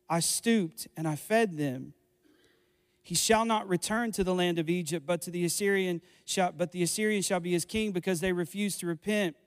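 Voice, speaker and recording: High-voiced man preaching in an echoey hall. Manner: earnest, building to impassioned appeals. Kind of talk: sermon. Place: church hall. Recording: echoey hall with faint music. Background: faint music.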